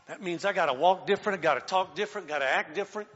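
Male pastor, high voice; sermon delivery with shouted calls and soft asides; dull, echoing church hall sound. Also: racing, few pauses, husky. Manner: preaching with call-and-response, swinging from shouts to quiet asides.

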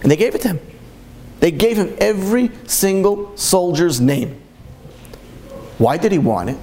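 A man's voice: high voice, big pitch swings, normal speed, dark tone, slight background noise. A man giving a storytelling sermon as a Torah speaker, impassioned and full of repeated rhetorical questions.

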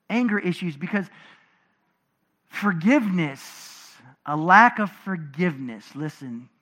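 A pastor preaches an animated sermon to his congregation, swinging between loud, emphatic passages and low, quiet ones.

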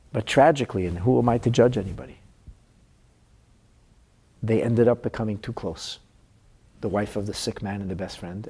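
A man's voice: fairly low pitch, darkish tone, slightly rough. A middle-aged man teaching a Talmud class as a rabbi, telling a painful counseling story in an earnest, emotional way.

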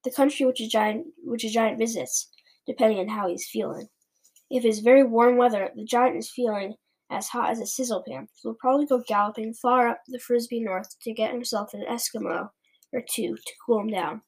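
A woman's voice: fairly high pitch, normal speed, slightly rough. A woman voicing a big, kindly male giant who mangles his words, in a storybook read-aloud. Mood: earnest. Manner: mangles words, gentle and earnest.

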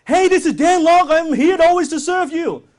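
A man putting on an overeager, overexcited salesperson answering the phone. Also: normal speed. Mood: gushing. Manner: gushing, overexcited, high and loud.

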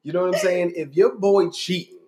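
A man's voice: sits high, brisk, a little mellow. A young man co-hosting a casual podcast, talking emphatically and lecturing about rules among friends. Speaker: podcast co-host. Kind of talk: casual opinionated chat.

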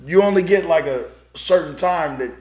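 A man from the United States, a podcast guest, telling loud, laughing stories in heavy street slang during casual chat. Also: a little high, normal speed.

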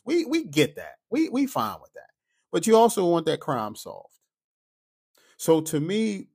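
Man, police officer, podcast monologue, fairly high voice, very lively pitch, emphatic, rhetorical asides. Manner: animated, emphatic, rhetorical "right?" asides and acted-out quotes. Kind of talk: casual opinion monologue.

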